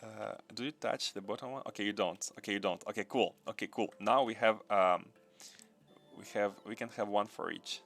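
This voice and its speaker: Low-voiced man thinking aloud while streaming. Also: moderate pace, creaky, fairly bright tone, faint music behind. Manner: thinks aloud, repeats phrases, chats with viewers. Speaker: gaming livestream host. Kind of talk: live gameplay commentary.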